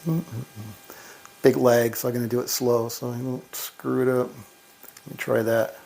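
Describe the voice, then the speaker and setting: Slow gravelly guy calling out dice rolls, muttering little curses, casual running commentary. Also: mid-range voice, level tone, darkish tone, slight background noise. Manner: calls out dice rolls, mutters mild cursing. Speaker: gambling vlogger. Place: casino electronic craps machine.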